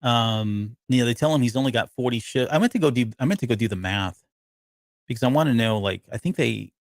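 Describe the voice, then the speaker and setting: Speaking a little fast in a medium-pitched voice, this man co-hosts a podcast and picks apart a TV episode in a casual, rambling way. Fillers and restarts crop up constantly, and there's no echo on the audio.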